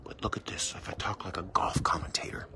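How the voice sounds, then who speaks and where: A man putting on the hushed voice of a golf commentator, in a whispered role-play on his cruise ship balcony. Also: a little fast, natural voice. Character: hushed male golf commentator, calm and reverent. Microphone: handheld phone.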